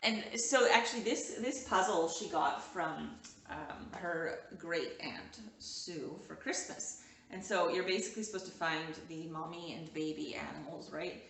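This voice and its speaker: A young woman from Canada chats to the camera about home life in a loose, rambling way, dropping "like" into nearly every sentence. Her voice sits a bit low. The sound is roomy, with the mic set back from her and a faint hiss behind. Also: a little slow, vocal fry, a bit bright, distant mic. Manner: rambling, many "like" fillers, coos to her child. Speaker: mom vlogger. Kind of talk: casual chat to camera with her toddler. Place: home room.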